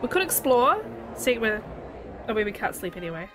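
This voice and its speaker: A woman streaming a game, chatting and thinking aloud excitedly, a little under the weather. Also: fairly high pitch, normal speed, background noise. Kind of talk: casual game commentary.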